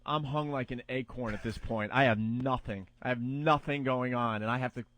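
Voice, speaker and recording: A man's voice: mid-range voice, moderate pace, a crowd in the background. A man co-hosting a radio show in casual chat, setting up the story with short, laid-back interjections, on a studio microphone.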